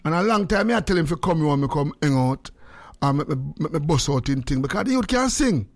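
A man's voice: a little high, expressive, fast talker, no room sound. An older man in his sixties with a Jamaican accent, hosting a radio show in rambling, jokey casual chat. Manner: rambling, jokey, repeats phrases. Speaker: radio host.

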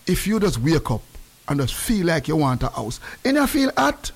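A man's voice: fairly high pitch, normal speed, vocal fry, slightly rough. A man hosting a casual radio chat, slipping between patois and English. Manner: animated, mixes patois and English. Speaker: radio host.

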